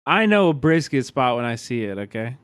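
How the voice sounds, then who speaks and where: A man's voice: mid-range voice, a little fast, clear, resonant tone, dry recording. Profane Kansas City man streaming. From Kansas City, USA. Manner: profane, excitable, bursts of mock outrage. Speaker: streamer reacting to a video. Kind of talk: casual live-stream commentary.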